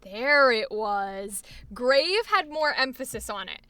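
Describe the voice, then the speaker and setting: Bright high-voiced woman coach. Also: slow pace, clean tone, dry recording. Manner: animated explaining, laughs often. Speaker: voice acting coach. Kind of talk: coaching session.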